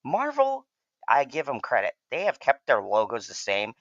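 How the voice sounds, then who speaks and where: A man's voice: medium pitch, huge pitch swings, normal speed, no room sound, dull audio. A man hosting a fan channel, giving a heated and profane reaction commentary.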